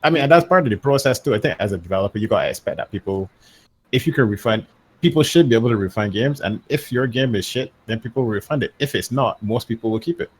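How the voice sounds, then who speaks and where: A man's voice: mid-range voice, expressive, fast, breathy edge. A man co-hosting a casual gaming podcast, offhand and joking, swearing for laughs. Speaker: podcast co-host.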